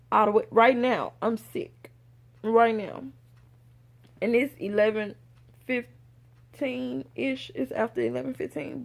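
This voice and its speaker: A young woman vlogger telling a personal story in a casual, animated way, acting out the voices of others. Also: fairly high pitch. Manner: animated, acts out quoted voices.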